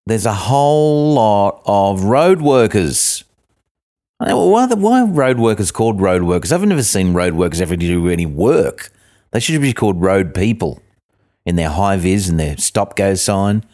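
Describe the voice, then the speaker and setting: A middle-aged Australian man telling a swearing, ranting comic story, breaking into high outbursts. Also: big pitch swings, moderate pace, a little mellow. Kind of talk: comic monologue.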